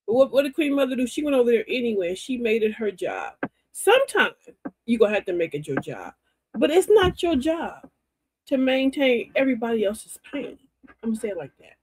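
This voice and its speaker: A woman's voice: a little high, very animated, brisk, darkish tone. Older woman giving folksy uplifting talk. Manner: folksy, preachy, talks straight to chat viewers. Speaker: live-stream host. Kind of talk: inspirational live-stream talk.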